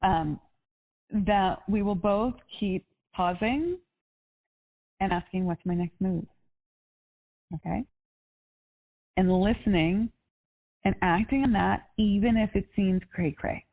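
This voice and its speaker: A woman life coach speaks on a coaching call in an upbeat, encouraging and spiritual manner. Her medium-pitched voice moves at a slow pace, with frequent pauses. The audio comes through a phone or call line and sounds tinny.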